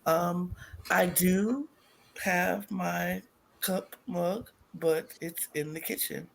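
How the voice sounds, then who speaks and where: A woman co-hosting a casual podcast, sassy and raspy, playing up a diva persona. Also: lowish voice, fairly even intonation, extremely slow, a little hiss or hum. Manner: sassy, self-styled diva, drawling. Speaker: podcast co-host.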